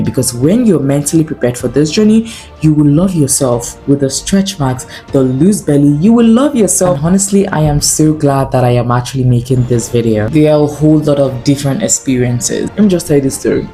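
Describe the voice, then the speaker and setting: A young woman talking candidly to camera in a lifestyle vlog, earnest and confiding with lively asides. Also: extremely low pitch. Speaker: lifestyle vlogger.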